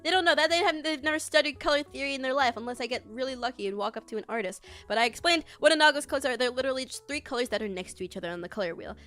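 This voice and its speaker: A young woman chatting casually as a streamer teaching art, laughing often and jumping her pitch up for emphasis. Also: lively intonation, racing, few pauses, a bit bright. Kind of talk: casual chat.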